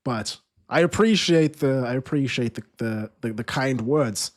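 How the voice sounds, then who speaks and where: A man's voice: mid-range voice, measured pace. A man hosting a live football watchalong stream, chatting casually, restarting sentences and reading viewer comments aloud.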